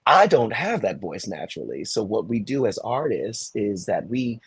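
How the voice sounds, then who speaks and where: A man, a Broadway performer, telling animated stories in an interview, with many restarts. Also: on the low side, moderate pace, breathy edge. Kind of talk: conversational interview.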